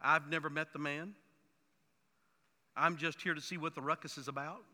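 A man's voice: fairly high pitch, steady tone, moderate pace, sharp tone, long reverb tail. A man voicing a panicked adult fisherman who insistently denies knowing his friend. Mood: defensive. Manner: defensive, insistent.

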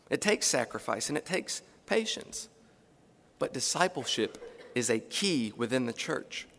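A man's voice: medium pitch, fairly bright tone. Male preacher, sermon, earnest, emphatic, rhetorical questions, long hall echo. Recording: long reverb of a large hall.

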